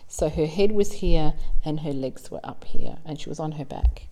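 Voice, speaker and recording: In a large hall, a middle-aged psychic medium from South Australia whispers her stories in a warm, low voice at a normal speed with few pauses. Casual, earnest and emotional, she acts out bits of dialogue as she goes.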